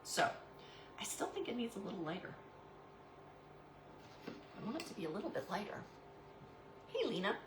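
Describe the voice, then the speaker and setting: A woman's voice: mid-range voice, sing-song, normal speed, pauses often, reverberant, noisy background. A woman hosting a live painting demo who chats in a goofy way with viewers and calls them "y'all". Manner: chatty and goofy, answers live chat by name. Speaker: craft live-stream host.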